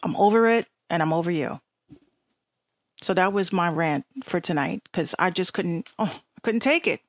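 A woman's voice: fairly low pitch, normal speed, no echo, clean studio sound. Heated, blunt woman with a Bronx accent. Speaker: host of an online radio show. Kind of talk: ranting casual talk.

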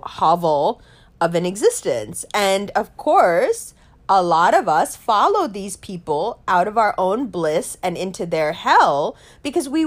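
A middle-aged woman telling a story in a casual chat, animated and swearing, saying "like" a lot. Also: medium pitch. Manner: animated, swearing, heavy use of "like".

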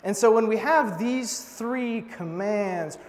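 A man's voice: sits high, slow. A young man preaching a sermon in a casual, joking way, telling stories and teasing out a passage. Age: young adult. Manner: casual, joking, animated storytelling. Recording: long hall reverb.

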